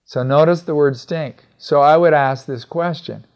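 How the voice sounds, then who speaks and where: A man's voice: a little high, moderate pace, darkish tone. A middle-aged man giving an instructional talk on communication skills in a conversational way, often acting out bits of dialogue. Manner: conversational, acts out quoted dialogue. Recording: slightly dull, lo-fi recording.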